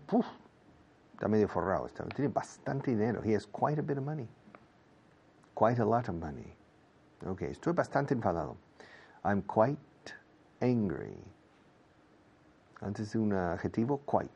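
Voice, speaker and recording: Deep husky male teacher. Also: a little mellow, lo-fi sound. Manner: explains English in Spanish, repeats example sentences. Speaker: English teacher. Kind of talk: bilingual English lesson.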